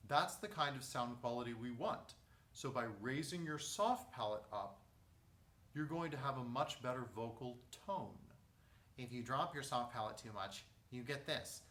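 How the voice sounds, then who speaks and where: A man teaching a vocal lesson, guiding breathing and posture in a calm, step-by-step way. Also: mid-range voice, normal speed. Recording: echoey room, mic at a distance.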